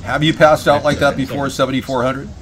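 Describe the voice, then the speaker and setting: A man's voice: medium pitch, flat delivery, a little fast, background noise. A man hosting a political livestream, rambling and joking with sarcasm. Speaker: livestream show host.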